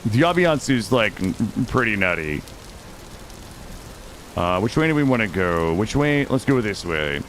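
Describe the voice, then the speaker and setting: A man streaming a game live, talking to his chat in a loose, joking, foul-mouthed ramble. His pitch swings up and down constantly with playful energy, recorded close on a studio microphone. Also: big pitch swings, unhurried, pauses often, fairly bright tone, a little hiss or hum. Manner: jokey, profane, chatty, talking to chat. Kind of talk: casual live gameplay commentary. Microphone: studio dynamic mic.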